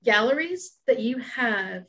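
Chatty higher-pitched woman hosting a call. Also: expressive, slow pace, fairly bright tone, highs cut off. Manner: chatty, enthusiastic, with many restarts. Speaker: host of a photography group talk. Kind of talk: casual introduction on a video call.

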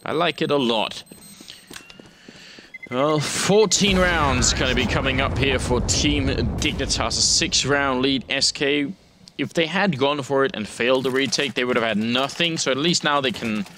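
A man commentating a competitive shooter match, chatty and relaxed. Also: medium pitch, measured pace, background noise. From Denmark. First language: Danish. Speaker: esports caster. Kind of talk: play-by-play commentary.

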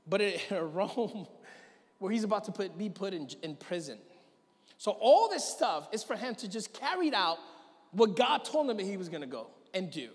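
Male pastor, sermon, high-pitched voice, animated storytelling, long reverberant church hall. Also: normal speed.

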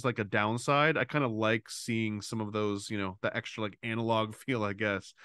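A man's voice: medium pitch, a bit bright, smooth, no echo, studio quality. A man co-hosting a podcast in casual chat, enthusiastic and talkative with many fillers. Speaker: podcast co-host.

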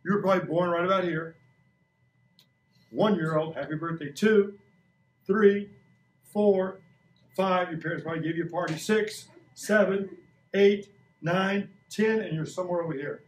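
A man's voice: high-pitched, normal speed, pauses often. Playful man in his sixties teaching. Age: 60s. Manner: playful, joking, asks kids questions. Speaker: science teacher. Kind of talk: classroom science demo. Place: school classroom. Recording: echoey classroom recorded from a distance.

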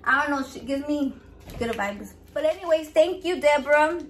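Loud, profane bilingual woman vlogger. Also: high voice, lively intonation, normal speed. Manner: loud, profane and playful, switching between English and Spanish. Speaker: vlogger running a raffle. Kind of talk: casual vlog chat. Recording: echoey room with faint background noise.

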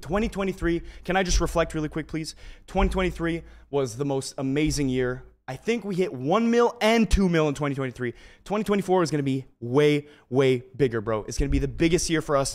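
A young man hosting a casual gaming livestream from home, talking to viewers in an excitable, slangy way full of "bro" and "man". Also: on the high side.

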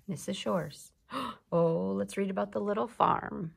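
Slow, gravelly-voiced woman teacher. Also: mid-range voice, expressive. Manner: slow, patient, drawn-out sounding out of words. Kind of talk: phonics lesson for young children.

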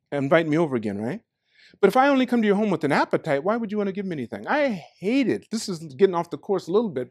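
An older man from the United States tells stories to a room of staff. His pitch rises and falls a lot. He drops to quiet asides, then breaks into loud bursts with frequent laughs. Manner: lively, swings from quiet asides to loud outbursts, laughs often. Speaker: company staff talk speaker. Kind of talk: animated storytelling talk.

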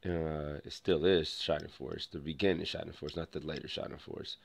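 A man's voice: extremely low pitch, fairly even intonation, moderate pace, creaky, slight background noise. A young man vlogging, telling a rambling personal story full of restarts and acted-out dialogue. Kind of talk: casual storytelling to camera.

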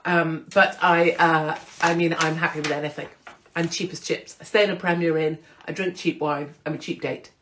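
A woman's voice: sits low, fairly even intonation, normal speed, a bit bright, a little hiss or hum. A middle-aged British woman hosting her own show, talking in a brash, self-mocking monologue full of swearing. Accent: British English. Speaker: host. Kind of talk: casual monologue.

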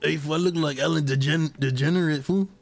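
A man's voice: on the high side, fairly even intonation, a little fast, vocal fry, over music. A man streaming a crime roleplay game, talking in laid-back street slang and calling everyone fool. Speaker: streamer playing a gang member.

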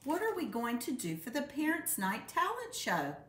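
Woman doing an eager storybook boy cub, protesting, lively up-and-down voice, roomy echo. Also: sits high, normal speed, voice pushed up, heavily acted.

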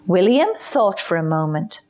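A librarian reading a storybook aloud to children, expressive and clear. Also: female voice, medium pitch, moderate pace.

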